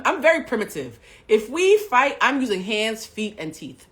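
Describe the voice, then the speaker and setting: A woman hosting a live stream, telling a personal story to her chat with lots of swearing. She drops to hushed asides, then bursts out loud. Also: a little high, sing-song, brisk. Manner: profane, swings between hushed asides and loud outbursts; talks directly to live chat.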